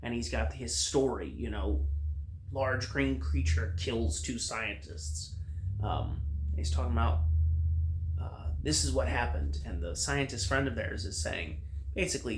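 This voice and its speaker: A man recaps a TV episode in a loose, conversational way. He fills his pauses and backs up to correct himself as he goes. His voice sits at an ordinary middle pitch for a man. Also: lively intonation, noisy background. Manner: recaps the plot with frequent fillers and restarts. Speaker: reviewer. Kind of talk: casual spoken review.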